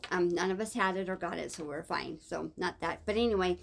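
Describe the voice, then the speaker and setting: A woman's voice: lowish voice, brisk, vocal fry. A woman telling a personal story in a casual, rambling way, with many fillers and self-corrections. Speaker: vlogger.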